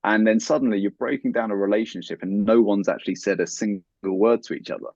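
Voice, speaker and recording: A man with a low voice speaks as an interview guest, earnest and advice-giving. The sound is dry and dull, with a lo-fi quality. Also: steady tone, fast talker, darkish tone, dry recording. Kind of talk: conversational interview.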